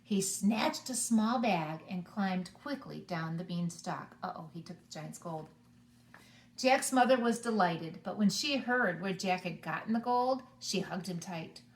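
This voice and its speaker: Animated preschool teacher reading aloud. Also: female voice, fairly low pitch, a little slow, reverberant. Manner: animated, asks the children along. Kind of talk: storybook reading for children.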